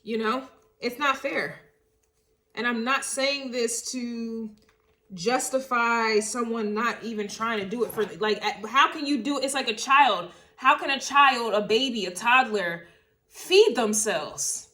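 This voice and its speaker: A woman reads tarot cards in a loose, casual monologue, her voice sitting a bit high. She sounds emotional and circles back over her words as she thinks aloud, now and then swearing. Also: unhurried, bright, forceful tone. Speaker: tarot reader.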